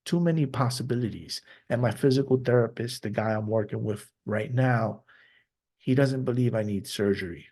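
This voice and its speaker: A man hosting a podcast, speaking openly and reflectively in a personal monologue, sometimes halting and restarting his sentences. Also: medium pitch, a little mellow, slightly rough. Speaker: podcast host.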